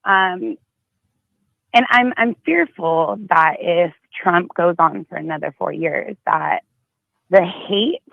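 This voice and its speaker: A woman's voice: on the low side, takes it slowly, gravelly, no echo, narrow, tinny audio. A woman calling in to a talk show, speaking hesitantly with worry and frequent restarts. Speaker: caller. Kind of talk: phone call-in chat.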